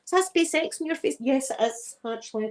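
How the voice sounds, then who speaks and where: A woman's voice: high voice, brisk. A middle-aged woman with a Glaswegian Scottish accent, chatting playfully to her viewers in a casual vlog and laughing at her own jokes. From Scotland. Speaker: vlogger.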